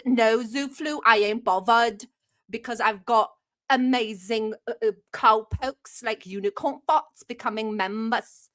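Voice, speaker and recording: A woman's voice: fairly high pitch, pushed and bright. A woman livestream host putting on a brash, chatty British persona with a put-on British accent, blunt and slangy. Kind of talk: live stream chat.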